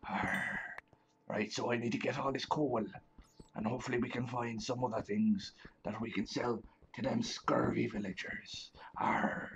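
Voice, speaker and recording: A gaming channel host plays a let's play in a pirate persona, growling "arr" between chatty remarks. His voice is fairly low and gravelly, heard on a slightly dull lo-fi recording with a little hiss or hum and faint music.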